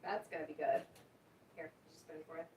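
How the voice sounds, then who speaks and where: A woman's voice: deep voice, fairly even intonation, a little fast, a little mellow. A woman chatting casually and teasing her husband at home. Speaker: homesteading vlogger. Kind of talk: casual chat. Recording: roomy, distant, noisy home recording.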